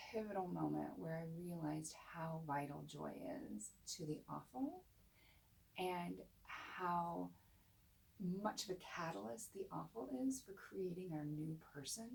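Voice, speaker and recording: Middle-aged woman, motivational speaker, earnest and emphatic, low pitch with vocal fry. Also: poor audio. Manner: earnest, emphatic, drops to soft whispers. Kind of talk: motivational talk to camera.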